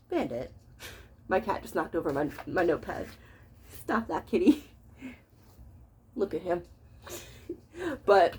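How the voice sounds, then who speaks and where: Lady rambling thru a storytime vlog at home, swears a lot, kinda high voice. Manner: rambling, profane, laughs mid-story. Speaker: storytime vlogger. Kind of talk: casual storytime monologue. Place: home room with a cat nearby.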